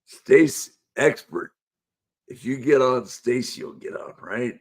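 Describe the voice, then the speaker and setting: A man's voice: mid-range voice, lively intonation, a little slow. A man hosting a casual live-stream panel show, laid-back and chuckling as he coaxes guests to join. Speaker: livestream show host.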